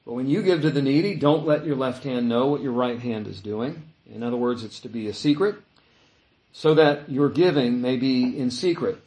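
A man's voice: mid-range voice, normal speed, a little mellow. A male pastor teaching a sermon in a casual, conversational way, thinking aloud with frequent fillers. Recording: echoey room.

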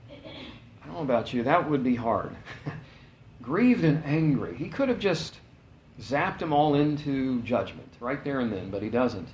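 A man preaching a sermon in a conversational, animated way, with casual asides. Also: medium pitch, unhurried, echoey room, slight background noise, low-quality recording.

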